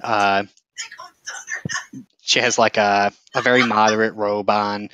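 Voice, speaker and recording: A man's voice: on the low side, flat delivery, takes it slowly, background noise. A young man narrating as game master over voice chat, casual and hesitant with many fillers. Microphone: voice chat microphone.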